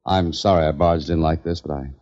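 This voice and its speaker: An actor playing a wry, quick-witted writer and adventurer who also narrates, in a 1940s radio drama. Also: male voice, a bass voice, steady tone, a little mellow. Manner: wry, ironic. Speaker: narrator and lead. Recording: dull old radio recording with faint music.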